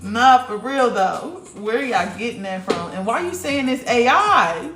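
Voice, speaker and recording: A woman's voice: a little high, lively intonation, a little slow, fairly bright tone, reverberant, soft background music. A woman hosting a casual livestream, talking bluntly and profanely straight to her viewers in the chat. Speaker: livestream host.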